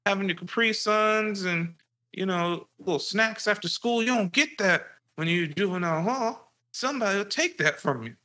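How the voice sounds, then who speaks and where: A man acting out his angry father scolding and threatening him as a small boy, profane and yelling. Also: sits high, expressive, moderate pace, pitched above the performer's own voice. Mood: menacing. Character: furious strict father scolding his young son.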